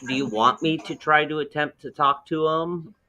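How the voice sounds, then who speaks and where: A man's voice: a little high, steady tone, moderate pace, bright, forceful tone, highs cut off. A man on an investigation team asking, a little unsure of himself, whether he should try something. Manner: hesitant, asks before acting. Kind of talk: casual chat.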